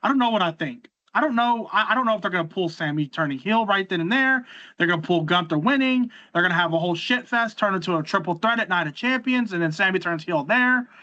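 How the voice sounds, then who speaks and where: A man's voice: sits high, animated, fast, bright, forceful tone. A man hosting a casual podcast, retelling events in a rambling way with many restarts and repeated words. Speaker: podcast host. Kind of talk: casual podcast chat recapping wrestling shows. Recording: slightly dull lo-fi recording.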